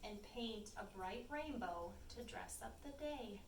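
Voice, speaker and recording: Woman teacher, storytime reader; slow, clear, animated delivery; distant mic in a roomy space with faint noise. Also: medium pitch. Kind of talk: reading picture books aloud to young children. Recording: echoey room, mic from far off, faint background hum.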